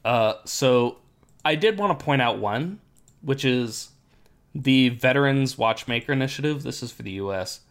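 Guy hosting a chill podcast, voice getting hoarse, lots of ums, explains stuff easy. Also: mid-range voice, moderate pace. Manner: relaxed, explanatory, many fillers. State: losing his voice. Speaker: podcast host. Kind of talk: casual podcast chat.

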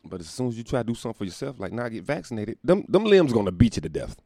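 Deep gravelly man ranting with laughs. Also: very animated, very fast, warm tone, no room sound. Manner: profane, rambling, laughs often, slips into mock voices. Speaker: comedic commentator. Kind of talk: casual comedic rant.

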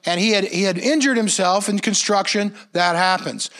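A man's voice: sits high, normal speed, fairly bright tone. A man as pastor, giving a conversational sermon in an earnest storytelling manner, often restarting and repeating words.

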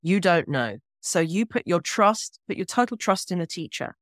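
A woman from Britain, a guest scholar speaking in a measured, earnest way with deliberate pauses in an interview. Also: mid-range voice, a bit bright, no echo, studio quality. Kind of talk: reflective interview talk.

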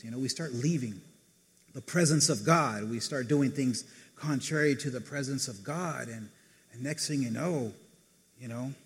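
A man preaching a casual sermon, talking conversationally to the congregation and acting out people's lines in quick asides. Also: medium pitch, husky. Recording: reverberant hall.

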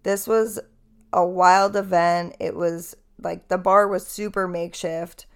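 A young woman hosts her podcast in a casual storytelling monologue. Her voice sits a little low and has a gravelly fry to it. She talks in a chatty, candid way and swears casually. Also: steady tone, unhurried. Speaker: podcast host.

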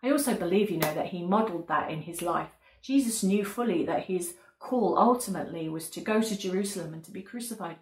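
A woman's voice: on the low side, a little fast, hardly any pauses, a little mellow. A woman preaching a sermon in an earnest, emphatic way, often repeating key words. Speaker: pastor. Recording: echoey room.

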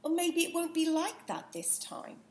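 A woman playing a dramatic, ambitious actress in a comedic audio play, theatrical and sharp-tongued. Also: very high voice, big pitch swings, moderate pace, roomy sound. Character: dramatic ambitious actress who wants an epic.

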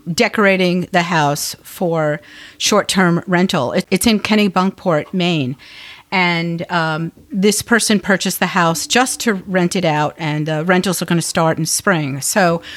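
A woman's voice: on the low side, unhurried, fairly bright tone. Woman, middle-aged, podcast co-host, conversational, explains with fillers. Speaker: podcast co-host, color designer. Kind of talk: casual podcast chat.

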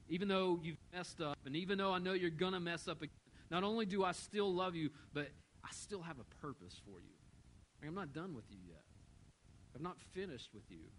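Storytelling pastor, fairly high voice. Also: male voice, a bit bright, a little hiss or hum, rough recording. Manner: storytelling, acts out quoted voices. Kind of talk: sermon.

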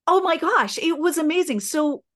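A woman's voice: extremely high pitch, lively intonation, normal speed, fairly bright tone. Middle-aged lady on a podcast, earnest and emotional, tells her story with lots of restarts. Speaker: podcast guest. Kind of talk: candid personal storytelling.

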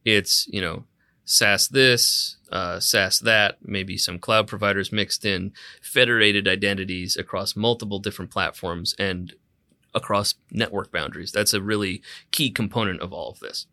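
A man's voice: fairly low pitch, steady tone, bright, forceful tone, no echo, clean studio sound. A man co-hosting a podcast, giving an analytical take with some repeated words at the start of sentences. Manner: measured, stammers at starts, analytical. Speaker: podcast co-host. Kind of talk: casual technical discussion.

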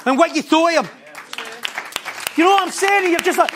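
High-voiced man preaching a lively sermon. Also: fairly quick, pauses often, over music, a crowd in the background. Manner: animated, laughing, asks the congregation rhetorical questions.

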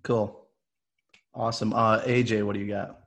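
A man hosting a casual podcast with friends over a video call, upbeat and quick to laugh. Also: fairly low pitch, level tone. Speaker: podcast host.

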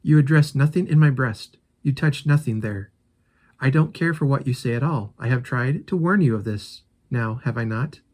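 A man voicing a cold, composed young woman who speaks in a calm, detached, measured way. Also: medium pitch, close to an everyday voice.

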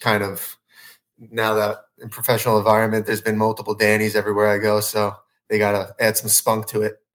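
A man's voice: fairly low pitch, monotone, a little fast, a bit bright. A man who is a professional soccer goalkeeper, answering in a laid-back, casual way on a podcast. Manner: laid-back, lots of "you know" fillers.

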